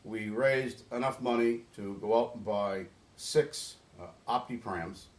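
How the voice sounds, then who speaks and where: In this interview, the guest is a middle-aged man from New England who organizes boatyard volunteers. His voice is on the low side and his pace measured as he earnestly and feelingly tells a lengthy story, often restarting sentences.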